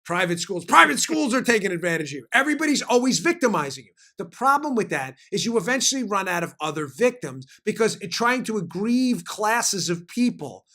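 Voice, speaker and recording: A man hosting a political show throws out emphatic, punchy lines. His voice sits high for a man. It has a bright, forceful edge. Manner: emphatic, fast-shifting, punchy delivery. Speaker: host. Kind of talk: political talk show commentary.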